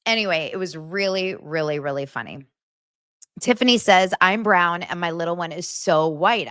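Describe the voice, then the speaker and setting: A woman's voice: mid-range voice, fairly bright tone, dry recording, studio quality. A woman in her forties hosting a casual livestream chat, laughing often and reading viewer comments aloud. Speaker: livestream host.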